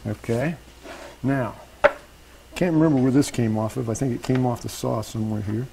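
His mid-range voice is creaky and steady, moving at normal speed. Demonstrating woodworking live, the man chats while he works, restarts and corrects phrases, and asks audience checks, all over faint background noise.

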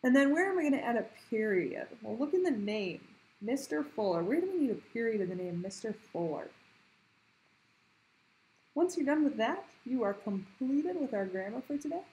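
A woman teacher talking pupils through a grammar worksheet in a clear, patient question-and-answer way. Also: on the high side, big pitch swings, moderate pace, darkish tone, low-quality recording. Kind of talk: recorded grammar lesson for pupils.

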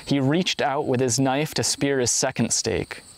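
A man narrating a traditional story, reading aloud with expression and playful sound effects. His voice sits at an ordinary middle pitch. It's a calm storyteller's read. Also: a little slow, a little hiss or hum. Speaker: reader.

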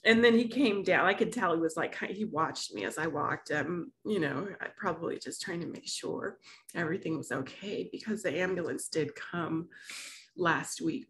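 Speaking at a moderate pace in a fairly low, fairly bright voice, the wellness challenge host recounts something personal over slight background noise. Her telling wanders and turns emotional, and she keeps laughing and starting over.

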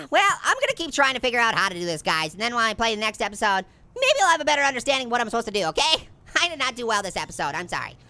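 A woman giving excitable, jokey let's-play commentary as a video game streamer, talking to her viewers as she plays. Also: on the high side, quick pace, hardly any pauses, dry recording.

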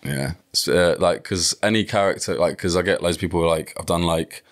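Man, podcast guest, very low voice, rambling, loose swearing, lots of fillers. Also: fairly quick. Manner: rambling, swears freely, many filler likes. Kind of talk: casual podcast chat.

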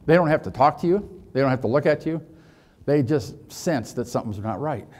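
A man's voice: mid-range voice, animated, brisk, darkish tone. Male leadership trainer, storytelling workshop talk, asks the room lots of questions. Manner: rhetorical questions to the audience.

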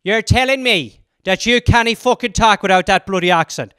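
A man putting on a thick Irish accent to play a man cursed with it, arguing with locals in loud, rapid banter. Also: sits high, smooth, no echo, studio quality. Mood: insistent. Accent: put-on Irish.

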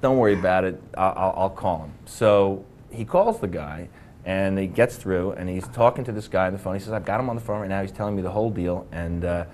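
A man telling an anecdote as a game show contestant, animated and acting out the dialogue. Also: sits low, a little fast, a little hiss or hum. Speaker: celebrity contestant.

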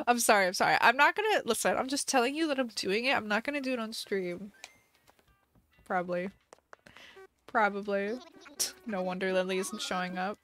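A young woman streamer chats casually at a moderate pace, her medium-pitched voice pausing often. She's giggly and talkative and reads viewer messages aloud, with soft music in the background.

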